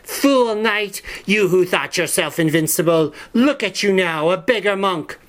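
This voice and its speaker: A man's voice: sits high, expressive, measured pace, a bit bright, voice pushed up. A man voicing a cruel witch queen who screeches and scorns. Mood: scornful.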